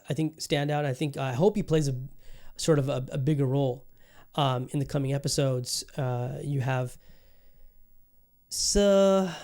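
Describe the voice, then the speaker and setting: A man with a slightly high, mellow voice hosts a podcast, chatting casually and rambling with many fillers and restarts.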